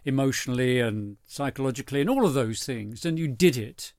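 An interviewer thinking aloud in a conversational interview, pausing and restarting. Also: medium pitch, animated, a little mellow, no room sound, clean studio sound.

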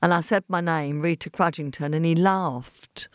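A woman with an East London accent, a guest telling lively stories in a podcast interview and acting out the voices of the people in them. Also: low voice, normal speed, dry recording, clean studio sound. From England. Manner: animated storyteller acting out quoted voices.

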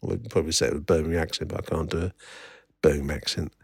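A man's voice: very deep voice, fairly even intonation, very fast, vocal fry, breathy edge, dry recording, studio quality. A man hosting a solo football history podcast, wry and rambling, with many fillers and restarts as he reads out old newspaper reports. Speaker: podcast host.

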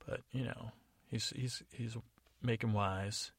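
A man's voice: on the low side, steady tone, slow pace, husky, no echo, clean studio sound. A man from the United States improvising a story in a casual, rambling, digressive way. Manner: rambling, digressive, many fillers. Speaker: podcast storyteller.

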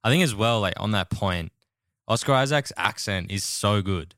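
A man's voice: lowish voice, moderate pace, no echo, studio quality. A young man, hosting a casual podcast chat about a TV series, full of "like" and laughter. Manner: animated, laughs often, says "like" a lot. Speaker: podcast host.

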